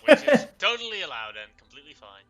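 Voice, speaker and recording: A man running a tabletop game as game master, chatty and quick, laughing mid-sentence. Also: high-pitched, wildly swooping pitch, fairly bright tone, faint music behind.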